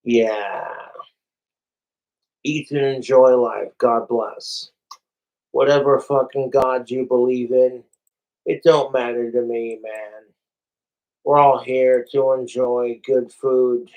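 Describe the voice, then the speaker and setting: A man chatting through a late livestream, tipsy and slurring a little from alcohol. He talks slowly in a rambling, excitable way and swears often. His voice sits at an ordinary middle pitch. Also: low-quality recording. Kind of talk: casual livestream commentary.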